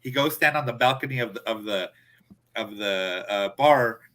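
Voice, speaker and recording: A man telling a story in a casual chat, animated, acting out his friends' lines. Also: mid-range voice, normal speed. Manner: animated, acts out friends' quotes. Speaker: podcast co-host.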